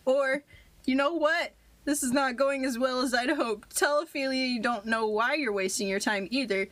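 Wry high-voiced young woman co-host. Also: normal speed, fairly bright tone, dry recording. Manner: wry, teasing asides. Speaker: podcast co-host. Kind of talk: casual chat.

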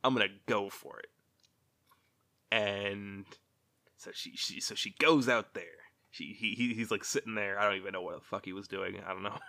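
A man's voice: fairly low pitch, steady tone, normal speed, sharp tone. A man hosting a casual chat, rambling, laughing often and swearing freely.

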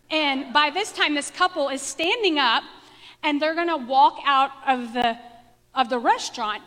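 Bright, high-voiced chatty woman storyteller. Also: moderate pace. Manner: animated, chatty, self-mocking, acts out quotes. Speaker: speaker telling a personal story to a live audience. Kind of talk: storytelling talk. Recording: echoey hall with long reverb.

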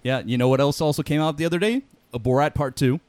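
A man's voice: a little high, fast, a little mellow, dry recording. A man hosting a casual podcast chat, giggly and self-deprecating. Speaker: podcast host and voice actor.

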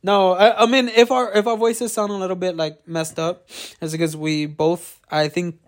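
A man's voice: high voice, flat delivery, normal speed. A congested man co-hosting a casual chat, rambling, swearing a lot and laughing often. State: congested, coughing. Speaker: podcast co-host.

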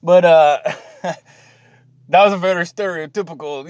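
A man's voice: a little high, a little slow, pauses often, clear, resonant tone, no echo. A Canadian man with a Canadian accent, ranting casually in a profane, rambling way that keeps drifting off track. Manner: profane, easily sidetracked, loose and rambling. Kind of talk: rambling comedic rant.

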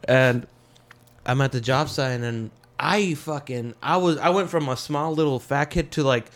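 A young man who works as a comedian, telling casual stories full of swearing and jumping into higher voices when he quotes other people. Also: unhurried. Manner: animated, jumps into high-pitched voices for quoted people; swears freely, laughs mid-story. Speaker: comedian guest. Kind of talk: casual storytelling chat.

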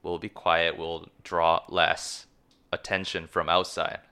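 A man's voice: low voice, level tone, takes it slowly, sharp tone, smooth. A man playing a tabletop zombie game, laying out his character's plans in a decisive way. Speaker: player. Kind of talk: tabletop role-play chat.

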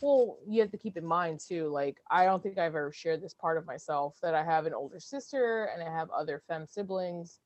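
A woman's voice: fairly low pitch, fairly quick, few pauses, darkish tone, dry recording. Chatty woman co-host, dry close sound. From New York. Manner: chatty, playful, laughs often. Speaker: podcast co-host. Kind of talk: casual chat.

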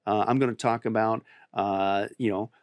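A man, a pastor, speaking emphatically as a guest on a talk show and rising to forceful peaks as he preaches his point. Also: lowish voice, fairly even intonation, moderate pace, clean tone, no room sound, clean studio sound. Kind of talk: preaching on a podcast interview.

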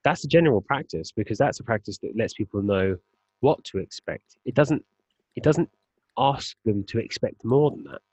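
A man co-hosting a casual podcast chat, laying out his argument in a measured way. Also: medium pitch, slightly rough, dry recording. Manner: measured, arguing a point calmly. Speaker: podcast co-host. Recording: dull lo-fi sound, dry.

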